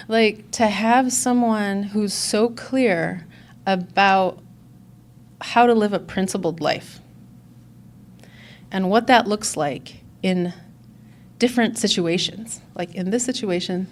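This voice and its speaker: A woman from the Chicago area, USA, speaks at a conference, giving an earnest, candid testimony about her recovery and acting out remembered conversations. Her medium-pitched voice moves slowly with long pauses, over slight background noise.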